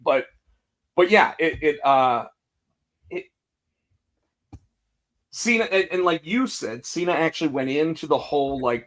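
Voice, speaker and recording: Animated, higher-voiced male podcast host. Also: unhurried, pauses often. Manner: animated storytelling, acts out quotes, many restarts. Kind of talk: casual wrestling chat.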